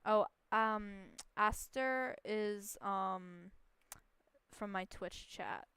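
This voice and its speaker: A woman's voice: mid-range voice, drawn-out words, sharp tone, clean tone, no room sound. A woman streamer giving chatty, giggly let's play commentary while playing. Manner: giggly, chatty, self-deprecating.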